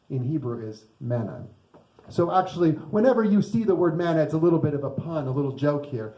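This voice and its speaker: A man's voice: on the high side, animated, moderate pace, dark tone. A male pastor giving a conversational sermon, often putting questions to the congregation. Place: church sanctuary. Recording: echoey church sanctuary.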